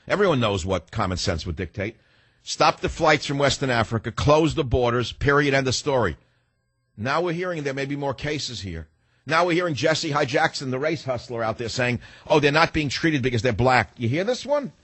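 Ranting husky older talk radio man. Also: medium pitch, big pitch swings, a little fast, fairly bright tone, no echo. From United States. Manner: combative, ranting, swings to reflective. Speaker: radio talk show host. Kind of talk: angry talk radio monologue.

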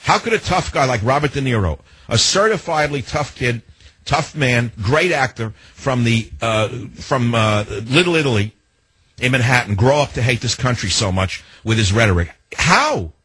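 A man's voice: mid-range voice, lively intonation, normal speed, a bit bright, breathy edge, no room sound, rough recording. A man hosting a talk radio show, ranting in an opinionated monologue full of emphatic rhetorical questions, into a studio microphone.

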